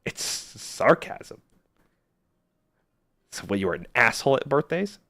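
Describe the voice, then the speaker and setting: A man's voice: mid-range voice, very animated, measured pace, a bit bright, no echo, clean studio sound. A man streaming live, chatting casually with viewers in a sarcastic, argumentative way.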